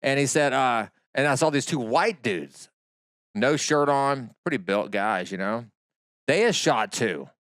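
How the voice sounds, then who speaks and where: A man's voice: medium pitch, expressive, measured pace, a bit bright, no echo, clean studio sound. A man in casual podcast chat, telling a story in a rambling, hesitant way.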